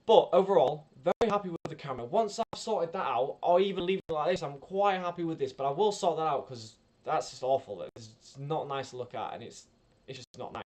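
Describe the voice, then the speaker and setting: A man, rambling and talking a bit louder than usual in a casual tech review vlog, recorded at home through a built-in webcam microphone with poor audio. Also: on the high side, a little fast. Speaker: YouTuber reviewing gear. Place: home room near a computer tower.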